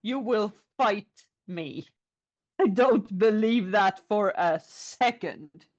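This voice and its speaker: A woman voicing a huge, fanged male mountain troll who threatens in a gruff, lower voice. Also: takes it slowly. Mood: threatening. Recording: dull lo-fi sound.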